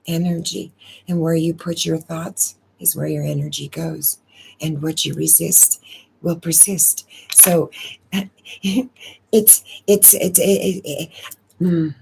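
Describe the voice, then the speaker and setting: Woman live streaming, gravelly voice, rambles on and repeats herself a lot. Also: sits low, steady tone, slow pace, a little mellow, slight background noise. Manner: rambling, emotional, repeats words. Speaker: astrology channel host. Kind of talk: casual live-stream talk.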